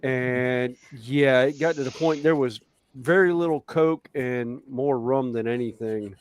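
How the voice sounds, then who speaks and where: A man with a Southern American accent telling animated anecdotes in a casual group chat, running his words together. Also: mid-range voice, measured pace. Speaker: panelist, Renaissance festival performer.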